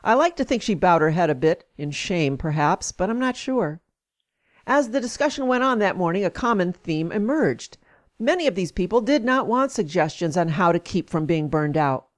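A woman reading an essay aloud with expressive emphasis, then adding her own comments as a speaker. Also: lowish voice, normal speed.

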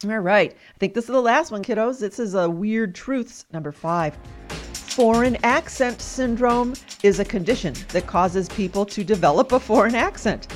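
A woman's voice: mid-range voice, lively intonation, normal speed, soft background music. A woman hosting a trivia game, cheerfully reading out facts to her guests. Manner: cheerful, reads facts aloud, laughs often. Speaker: host. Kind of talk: hosted trivia game show.

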